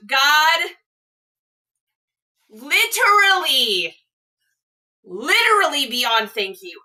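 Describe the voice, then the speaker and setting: A woman hosting a casual reselling livestream, gushing excitedly with gasps and laughs. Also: high voice. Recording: distant from the mic.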